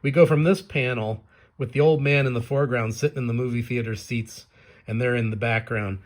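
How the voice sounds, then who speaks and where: A man's voice: medium pitch, steady tone, brisk. A chatty man commenting on his comic. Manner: chatty and laughs often. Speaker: comic artist and creator.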